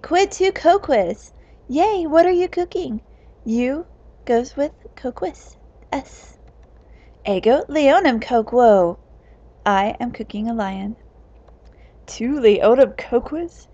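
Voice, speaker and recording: A woman's voice: a little high, a little mellow. Emphatic woman teaching, dull recording. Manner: slow and emphatic, stressing word endings. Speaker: Latin teacher. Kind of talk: classroom explanation.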